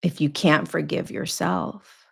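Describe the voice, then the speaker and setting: A woman who works as a spiritual teacher and podcast host leads a live question-and-answer talk. Her low voice barely moves in pitch, comes slowly, and carries vocal fry with a breathy edge. She speaks earnestly in a repetitive coaching cadence, full of fillers.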